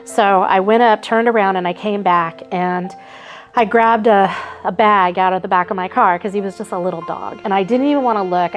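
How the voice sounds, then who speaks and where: Woman advocate, animated interview storyteller, mid pitch, faint music under her. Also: low-quality recording. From Nevada. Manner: animated, acts out her own quoted thoughts.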